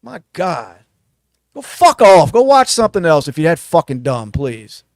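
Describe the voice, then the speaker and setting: Guy ranting on a live podcast, cussing nonstop, kinda high voice, dry close sound. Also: big pitch swings, normal speed, no echo. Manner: profane, heated, ranting. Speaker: podcast co-host. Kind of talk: casual live podcast rant. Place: phone call from a theme park.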